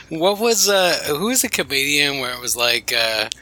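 A man's voice: a little high, a little slow, bright, forceful tone. A man co-hosting a casual podcast, joking around and firing off questions. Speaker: podcast co-host.

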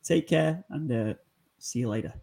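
A man's voice: fairly high pitch, expressive, moderate pace, gravelly, very noisy. A man hosting a podcast, closing the episode with thanks and sign-offs. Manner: wrapping up the show, hesitant fillers. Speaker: podcast host. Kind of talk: casual podcast chat.

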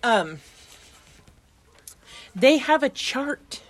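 A woman's voice: high voice, very animated, drawn-out words. Giggly swearing woman podcast host. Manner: rambling, giggly, swears freely. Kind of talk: casual chat.

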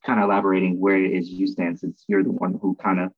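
A man's voice: low-pitched, level tone, quick pace, dry recording. A man hosting a podcast discussion, talking in a thoughtful, hedging way. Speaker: podcast host. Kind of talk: casual discussion. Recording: dry tinny phone-like line.

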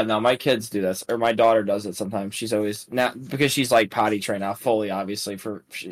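A man with a mid-range voice talks quickly in casual podcast chat. He jumps into the voices of the people in his stories as he tells them. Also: medium pitch. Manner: fast talking, acts out voices in his stories. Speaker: podcast co-host.

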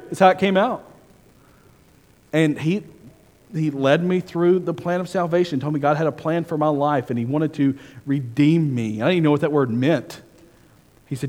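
A man preaching a sermon as senior pastor, telling stories and swinging from hushed asides to fervent, raised delivery. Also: on the high side, normal speed, long pauses, big-room sound.

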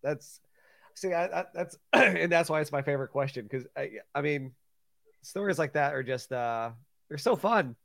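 A man's voice: on the high side, normal speed, gravelly, a bit bright, no room sound, studio quality. A man hosting a podcast interview, asking questions in a hesitant way with many "uh"s and repeated words. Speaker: podcast host. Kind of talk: casual interview chat.

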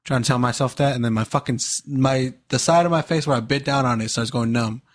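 Casual young man, mid-pitch, loose profane storyteller among friends. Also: fairly even intonation, brisk. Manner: profane storytelling, laid-back slang. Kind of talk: casual chat.

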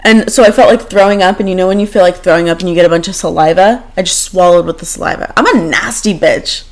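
A woman's voice: lowish voice, fast talker, slight background noise. Young woman co-host, crude and self-mocking, loose casual storytelling full of fillers. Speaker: podcast co-host.

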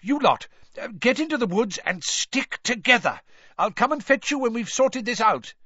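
A man doing a shouting, urgent wizard father. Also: extremely high pitch, sing-song, moderate pace, husky, no echo, muffled recording, pitched above the performer's own voice, heavily acted. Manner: shouting over noise.

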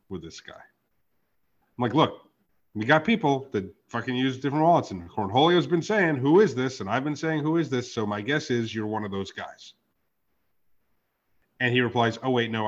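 A man hosting a podcast, telling a story in casual chat. He swears freely and acts out both sides of every exchange. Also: mid-range voice. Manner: profane, storytelling with reenacted dialogue. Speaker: podcast host. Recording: dull lo-fi podcast audio.

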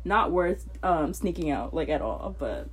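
A woman's voice: low-pitched, lively intonation, a little slow, slight background noise. A young woman co-hosting a podcast, telling a story in casual chat, swearing freely and laughing often. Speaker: podcast co-host.

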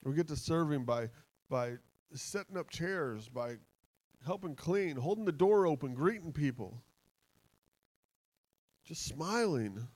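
A man preaching a sermon in a church, impassioned and excitable, laughing as he goes. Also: fairly high pitch, slow, pauses often, no echo, poor audio. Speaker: pastor.

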